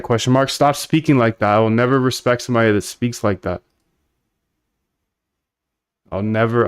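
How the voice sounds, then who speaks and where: A man's voice: mid-range voice, normal speed, pauses often, clean tone, dry recording, clean studio sound. A man hosting a casual livestream, coding aloud and bluntly reacting to chat. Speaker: livestream host.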